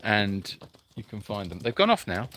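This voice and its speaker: A man's voice: fairly low pitch, big pitch swings, normal speed, a bit bright. A man hosting a live sanctuary chat, reading out viewer comments and answering in a chatty, rambling way full of fillers.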